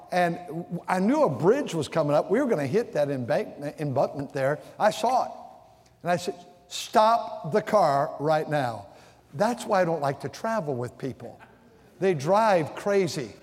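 A man's voice: fairly high pitch, lively intonation, normal speed, darkish tone. A man pastor preaching a sermon, telling stories and acting out what people said, often restarting and repeating words. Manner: storytelling with vivid acted-out quotes. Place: church sanctuary. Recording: long church hall reverb.

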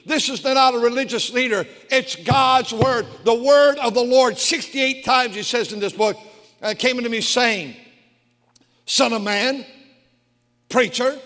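A man preaching a fiery sermon, reading scripture slowly and swinging from quiet, low lines to shouted peaks. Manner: reads scripture slowly, drawing out words. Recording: long hall reverb.

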